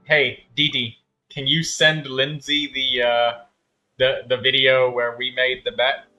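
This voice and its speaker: A man's voice: mid-range voice, flat delivery, a little slow, sharp tone, dull audio, soft background music. A man chatting casually and teasing others while he streams a game, laughing often. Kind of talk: casual live-stream chat while gaming.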